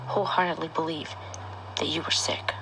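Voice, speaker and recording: A woman speaking an emotional personal testimony straight to her former partner, often dropping to a hushed whisper. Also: low voice, little pitch movement, moderate pace, poor audio. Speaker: mother recounting her own experience.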